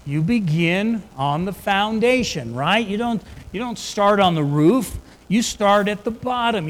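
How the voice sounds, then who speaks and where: High-voiced preacher in a reverberant hall. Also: male voice, fairly bright tone. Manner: conversational preaching with restarts, rising emphatically on scripture. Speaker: pastor. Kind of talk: sermon. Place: church sanctuary. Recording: long reverb of a large hall.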